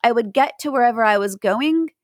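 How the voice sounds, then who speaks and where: A woman's voice: on the high side, expressive, brisk, no room sound, low-quality recording. A woman giving mindfulness advice to parents in an interview, earnest and acting out examples as she explains.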